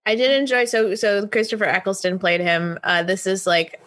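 A woman in casual film talk, sharing trivia with hesitant, halting starts. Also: mid-range voice, fairly even intonation, fairly bright tone.

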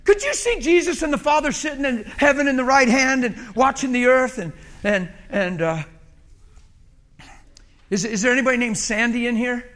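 High voiced pastor guy preaching, folksy and joking around, bright sharp tone. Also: expressive, normal speed. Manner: folksy, humorous, colloquial preaching. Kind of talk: sermon.

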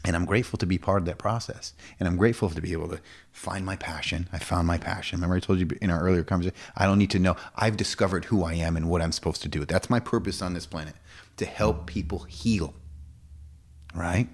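A man in his forties, a fitness coach, talking casually and emphatically in an interview, often repeating himself. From United States. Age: 40s. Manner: emphatic, repetitive, quick swings up to a high pitch.

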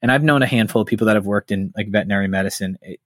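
A podcast host in casual chat tells personal stories candidly, swearing freely and getting heated. His voice is on the low side, very fast and a bit bright, with no room sound and studio quality.

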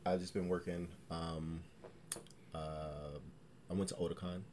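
Male co-host, very low voice, relaxed halting chat, faint background noise. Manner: relaxed, hesitant, lots of ums. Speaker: podcast co-host. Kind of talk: casual chat.

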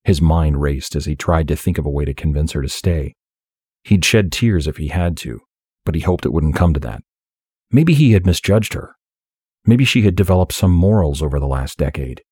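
A man reads a story aloud in a steady, measured audiobook style. His voice is very deep with a husky edge. The recording is dry and close, with no room sound. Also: no room sound. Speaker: narrator. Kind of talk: audiobook narration.

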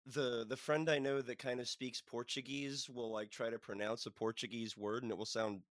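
A man playing on a trivia podcast, easygoing, his musing trailing off softly. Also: medium pitch, flat delivery, moderate pace, no room sound. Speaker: trivia contestant.

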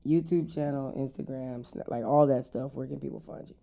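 A man's voice: mid-range voice, fairly even intonation, brisk, gravelly, mellow. A man hosting a podcast, chatting casually and joking through laid-back stories. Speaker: podcast host. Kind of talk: casual interview chat.

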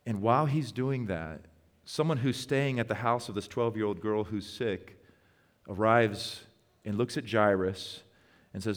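Man preaching in a reverberant hall. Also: on the low side. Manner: storytelling, with emphatic slow stresses. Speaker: pastor. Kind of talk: sermon.

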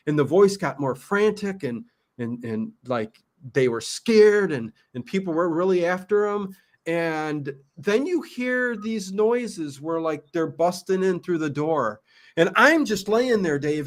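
A male host in casual conversation, spinning a story with enthusiasm. His voice sits somewhat high for a man. He talks loosely, with fillers and quick self-corrections. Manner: animated storyteller, many fillers and restarts. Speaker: podcast host. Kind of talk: casual chat.

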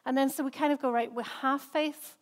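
An English woman preaches a sermon in a relaxed, chatty manner, often breaking off to ask the congregation questions. Her voice sits a little higher than most women's. She is middle-aged, and her accent has softened after years among Irish speakers. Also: a little fast. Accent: English, softened by time living in Northern Ireland. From England. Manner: conversational, chatty preaching with frequent restarts and rhetorical questions. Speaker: senior pastor.

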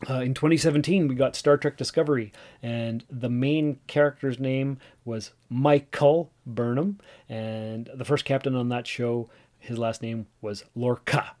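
A man in his forties talks alone into the mic for his podcast. He rambles and doubts himself, restarting his sentences often. His pitch sits in the middle range. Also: steady tone, measured pace, darkish tone. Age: 40s. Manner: rambling and self-deprecating, with many restarts. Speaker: podcast host. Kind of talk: casual solo podcast monologue.

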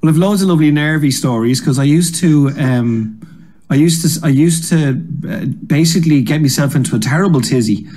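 An Irish man, a comedian and guest, telling energetic, rambling stories in a casual interview and swearing freely. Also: on the high side, fairly quick. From Ireland.

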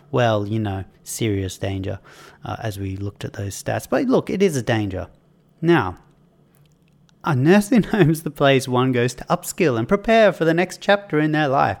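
A man's voice: mid-range voice, animated, moderate pace, gravelly. Sardonic Australian man ranting. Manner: emphatic and sardonic, with frequent restarts. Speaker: podcast host. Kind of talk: opinion monologue, reading from his own article.

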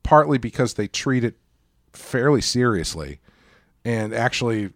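A man's voice: medium pitch, lively intonation, a little slow, no room sound, clean studio sound. A man co-hosting a podcast and discussing a movie casually, with lots of hesitations and restarts. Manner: hesitant, restarts often, laughs easily. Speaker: podcast co-host.

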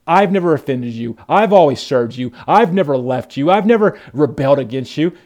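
A man's voice: on the high side, animated, brisk, a little mellow, close to an everyday voice. A man voicing a self-righteous older brother who protests indignantly.

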